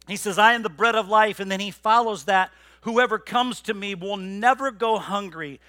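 A male pastor delivering a passionate sermon to his congregation, swinging from loud rallying appeals to low, quiet emphasis. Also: no room sound. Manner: passionate preaching, swelling loud then dropping low; repeats words, conversational asides to the congregation. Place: church.

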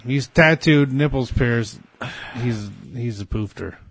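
A man's voice: mid-range voice, slow pace, fairly bright tone, husky. A man in crude, casual banter, telling rambling, profane stories as a podcast co-host.

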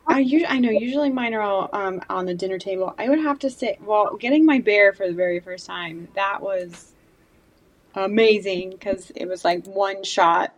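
A woman's voice: medium pitch, moderate pace. Chatty woman guest in a casual interview. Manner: chatty, laughs easily, lots of fillers like "like". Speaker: chef and hunter, guest.

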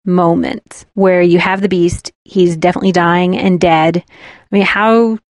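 A woman co-hosting a podcast, chatting casually about storytelling in an animated way, often restarting her sentences and laughing between thoughts. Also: on the low side, unhurried, no echo. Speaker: podcast co-host.

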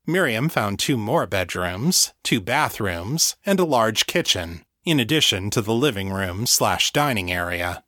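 A man reads his own fiction aloud in a steady, even storytelling voice. His tone is bright and clear, neither high nor low. The sound is dry and close to the mic. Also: measured pace, few pauses, no room sound. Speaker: author and audiobook narrator. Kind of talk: scripted narration.

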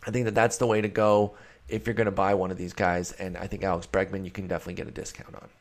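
A man's voice: deep voice, little pitch movement, fast talker. Chatty man breaking down baseball stats. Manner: chatty, self-deprecating, rambling with restarts. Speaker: fantasy baseball podcast host. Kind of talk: casual solo analysis.

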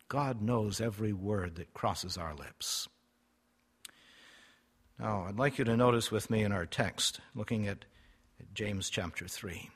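A man preaching a sermon, reading scripture slowly and solemnly, his loudness rising and falling for emphasis. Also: fairly low pitch. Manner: emphatic, swells and drops in loudness; reads scripture in slow, solemn cadence. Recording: long hall reverb.

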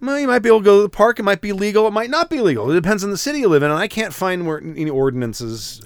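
A man's voice: sits high, expressive, very fast, gravelly, clean tone, no room sound, studio quality. A man hosting a casual podcast chat, rambling and wry as he talks through his plans. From United States. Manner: rambling, restarts sentences, wry. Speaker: podcast host.

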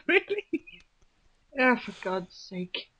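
Brief: woman co-host, bright and animated, teasing, quick to laugh. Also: fairly high pitch, lo-fi sound. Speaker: podcast co-host. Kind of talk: casual chat.

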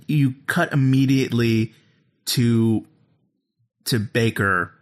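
A man with a mid-range voice takes it slowly as he co-hosts a podcast, recapping an episode in casual chat. He tells it animatedly, laughing often and acting out lines along the way.

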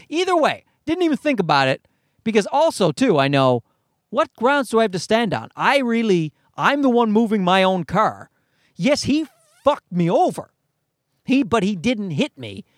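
A man's voice: high-pitched, dry recording, studio quality. A man telling a story as an exasperated, profane rant. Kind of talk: comic ranting anecdote.

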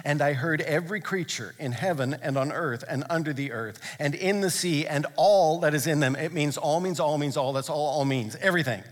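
Male pastor, high voice, impassioned sermon delivery, long hall reverb. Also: a little fast, few pauses. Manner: impassioned, builds to loud repeated exclamations.

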